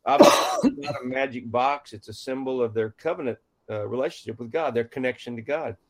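A middle-aged man appearing as an author and guest tells stories conversationally in a brisk, mid-range voice. His folksy, animated style includes acting out the dialogue he quotes.

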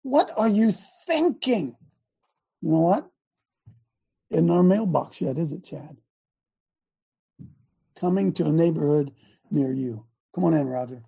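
Male radio host, gravelly and husky, fervent and preachy. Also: on the high side, measured pace, long pauses, warm tone. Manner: fervent, preachy, rhetorical questions. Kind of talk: call-in talk radio.

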